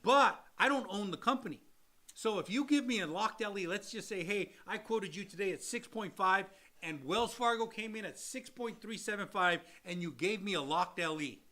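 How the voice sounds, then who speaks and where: A man's voice: high-pitched, lively intonation, moderate pace, pushed and bright. A man working as a mortgage loan officer, co-hosting a casual live Q&A and explaining loans with acted-out examples and repeated phrases.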